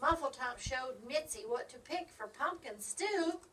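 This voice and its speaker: A woman reading a rhyming picture book aloud in a sing-song, animated way, in a school library. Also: high-pitched, unhurried. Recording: distant mic.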